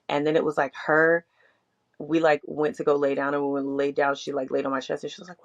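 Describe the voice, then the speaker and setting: Her voice sits low and stays level as she talks a little quickly. She's a young adult podcast co-host chatting frankly and meanderingly, full of "like" and unfiltered cursing, captured in dull lo-fi audio.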